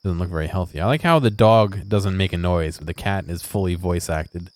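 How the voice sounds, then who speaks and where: A man's voice: sits low, fairly quick. A man giving casual, wry commentary while playing a video game, musing aloud and joking about what he sees. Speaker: let's play commentator.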